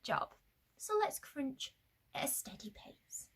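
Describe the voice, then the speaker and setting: A woman leading an interactive children's story sound journey. She drops to hushed whispers, then bursts out excitedly, and she leads chanted sound effects. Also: sits high, slow pace. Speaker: children's activity leader.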